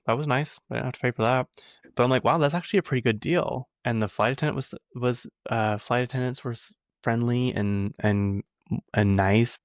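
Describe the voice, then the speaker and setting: A man's voice: lowish voice, no echo. A man hosting a podcast, chatting casually about pop-culture gossip in a rambling way, full of "like.". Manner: chatty, rambling, heavy use of "like". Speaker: podcast host.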